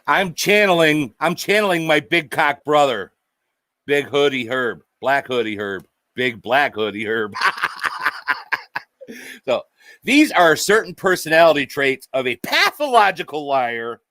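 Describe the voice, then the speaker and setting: A man's voice: on the high side, lively intonation, measured pace, bright, forceful tone, dry recording, studio quality. A man vlogging a sarcastic, profane monologue, mockingly addressing an unseen "sir" over and over.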